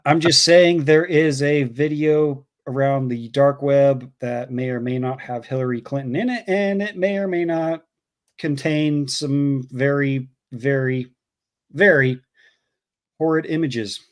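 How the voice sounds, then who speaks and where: A man's voice: medium pitch, steady tone, slow pace. A man co-hosting a casual livestream, reading out viewer messages with frequent fillers and chuckles. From Canada. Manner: reads donor messages aloud with fillers and laughs. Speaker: co-host reading super chats.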